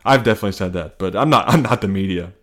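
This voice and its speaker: A man hosting a comedy podcast, ranting casually and profanely, rambling with restarts and sudden jumps into high, animated bits. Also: very fast.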